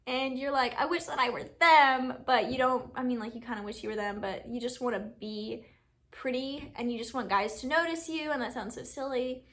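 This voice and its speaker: A young woman from Alabama talks through a casual Q&A vlog. She rambles, fills her talk with "like", and laughs often. Her voice is bright and a little high. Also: brisk. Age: 20s. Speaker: beauty YouTuber.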